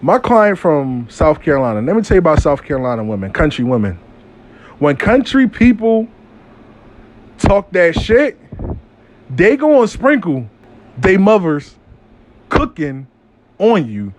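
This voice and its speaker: A man telling a casual storytime monologue, animated and profane, acting out what people said. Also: fairly high pitch, moderate pace, slight background noise.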